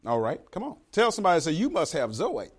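A man's voice: a little high, wildly swooping pitch, fast, breathy edge. A man preaching a sermon as pastor, talking to the congregation and acting out the voices of the characters in the story.

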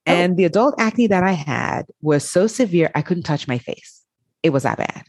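Animated husky middle-aged woman. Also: lowish voice, normal speed, no echo, clean studio sound. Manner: animated, acts out dialogue in her stories. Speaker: guest, author. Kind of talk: candid conversational storytelling.

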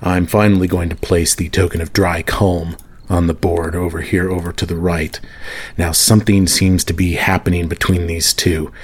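A man's voice: sits low, flat delivery, normal speed, slightly rough. A man narrating as game master of a tabletop game, easygoing, with many fillers.

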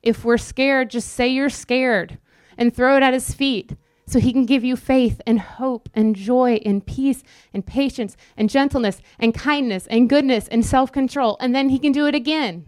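A young woman preaches in an earnest, conversational style, breaking into quick asides. Her voice is smooth and resonant. The sound is dry, with no room echo. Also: on the high side, a little mellow. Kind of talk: sermon.

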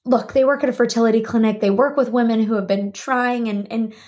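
A woman's voice: a little high, fairly quick. A woman hosting her own podcast, sharing a personal story and animatedly acting out remembered conversations, speaking from her home office desk. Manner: animated, acts out remembered dialogue. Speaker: podcast host.

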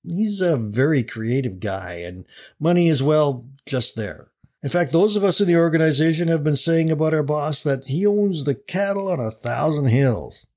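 A man's voice: a little high, animated, moderate pace, pitched above the performer's own voice, lightly acted. A man voicing a casual pastor who teases a businessman in a story. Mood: playful. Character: casual male pastor, playful and sly.

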